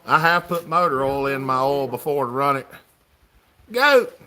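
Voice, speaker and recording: A man's voice: mid-range voice, fairly quick, bright, forceful tone. A man with a Southern US accent hosting a casual livestream, reading out viewer comments in a folksy, drawling way. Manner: folksy, drawling, reads chat aloud. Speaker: livestream host.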